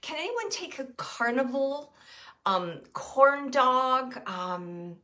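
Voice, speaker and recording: Bright-voiced woman doing a psychic reading. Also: sits high, big pitch swings, slow pace. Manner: hesitant, thinking aloud with many fillers; describes impressions as they come. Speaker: psychic medium. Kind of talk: live psychic reading to viewers.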